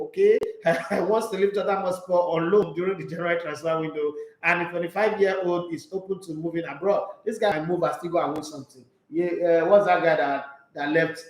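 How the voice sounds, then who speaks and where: A man hosting a solo sports talk show, reading transfer news aloud and breaking into animated, mocking rants. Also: high voice, roomy sound, rough recording.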